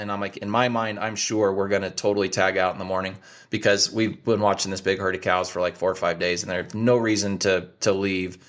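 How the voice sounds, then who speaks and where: An American man in his forties, a hunting guide, telling a story in casual conversation and acting out the voices of the people in it. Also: fairly low pitch. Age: 40s. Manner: animated storyteller, acts out quoted voices. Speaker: hunting guide and outfitter, podcast guest.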